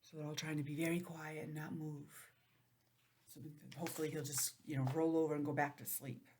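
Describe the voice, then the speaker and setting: Gentle woman teacher reading a story. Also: sits low, little pitch movement, fairly quick. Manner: gentle, explaining and asking questions. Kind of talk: reading a picture book aloud to young children.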